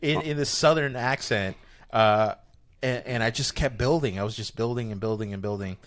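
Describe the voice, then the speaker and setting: A man, a comedian, talking casually on a podcast, rambling and animated, with many restarts. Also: mid-range voice, normal speed. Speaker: comedian guest.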